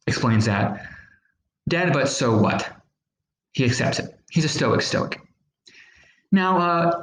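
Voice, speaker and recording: A man's voice: medium pitch, echoey room, low-quality recording. A man teaching a recorded history lesson, explaining patiently with fillers and acting out little examples.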